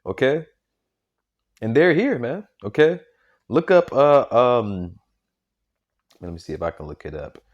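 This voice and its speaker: A man's voice: mid-range voice, big pitch swings, measured pace, long pauses, dull audio. A man preaching informally and reading scripture, emphatic and repetitive, tagging lines with "man" and "okay?". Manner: repetitive, restarts sentences often.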